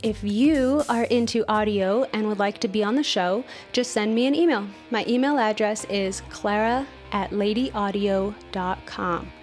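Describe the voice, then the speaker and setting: A woman's voice: medium pitch, normal speed, few pauses, soft background music. A woman hosting a podcast, talking casually with chatty, self-mocking asides. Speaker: podcast host.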